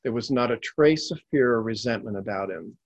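Husky man narrating calm stories. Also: mid-range voice, no room sound, low-quality recording. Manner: measured, calm reading. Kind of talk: scripted storytelling narration.

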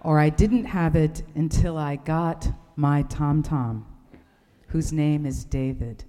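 A woman's voice: deep voice, a little slow, warm tone, long reverb tail. A woman delivering a sermon, telling a wry, humorous story in a church. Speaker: preacher.

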